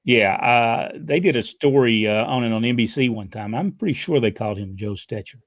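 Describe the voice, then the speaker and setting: Speaking at a moderate pace in a medium-pitched voice, a man rambles folksily as one of a casual podcast's co-hosts, laughing frequently. The recording is dry.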